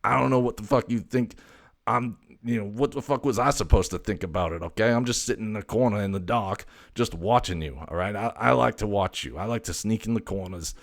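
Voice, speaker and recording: A man's voice: lowish voice, a little fast, vocal fry. A man voicing a brash, foul-mouthed male house cat who swaggers, stammers and swears constantly. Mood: boastful. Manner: swaggering, profane, rambling with stammers.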